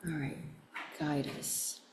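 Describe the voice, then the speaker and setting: A woman hosting a livestream tells a story in a casual, excitable way, exclaiming often and restarting sentences. She speaks slowly, and there is a little hiss or hum.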